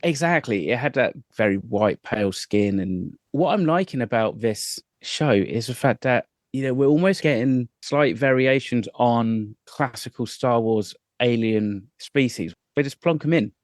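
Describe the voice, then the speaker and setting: A man co-hosting a relaxed reaction podcast, weighing ideas aloud in an animated, analytical way. His voice sits at a middling pitch. The recording is dry and close, with almost no room sound. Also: measured pace, few pauses, no room sound. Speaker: podcast co-host. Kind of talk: casual reaction chat.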